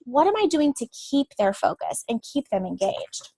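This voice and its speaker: A woman's voice: high-pitched, very animated, normal speed, mellow, slightly rough, no room sound. A woman teacher giving an earnest, explanatory lecture to adult learners before a read-aloud. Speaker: teacher educator.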